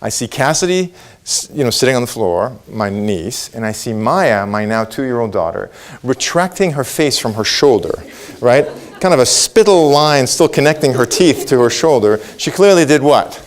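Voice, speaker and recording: A middle-aged man speaks from a conference stage in an easy, animated storytelling voice. His pitch sits in the middle range, and he lifts it for playful asides and punchlines. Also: normal speed. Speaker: keynote speaker. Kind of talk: conference keynote speech.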